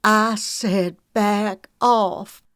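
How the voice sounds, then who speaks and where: Defiant storybook woman, read by a woman, hoarse and hushed, slow. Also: mid-range voice, no room sound, clean studio sound, voice pushed up, lightly acted. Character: resolute grown woman defending her sister-in-law.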